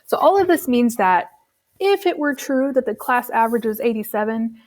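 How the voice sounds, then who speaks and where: A woman's voice: on the high side, expressive, normal speed, a little mellow. A woman teaching a recorded statistics lesson, explaining step by step in a patient, conversational way with occasional ums. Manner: patient, explanatory, uses fillers like um.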